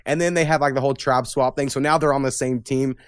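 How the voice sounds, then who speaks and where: A man's voice: medium pitch, fairly even intonation, quick pace, no echo. Man hosting a podcast, loose and profane, laughs a lot, dry close sound. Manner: profane, rambling, laughs often. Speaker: podcast host. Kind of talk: casual chat.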